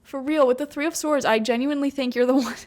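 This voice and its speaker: Woman doing a chill tarot reading, chatty, laughs a lot, kinda high voice. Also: steady tone, fast talker, a little mellow. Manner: chatty, laughs often, fillers like "like" and "you know". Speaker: tarot reader. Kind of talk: casual pick-a-card tarot reading. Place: home room with a cat.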